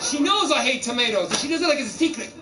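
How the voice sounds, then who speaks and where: Stand-up comic, man, very high voice, crowd audible, echoey far mic. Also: lively intonation, fast talker. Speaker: stand-up comedian. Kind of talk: stand-up comedy set.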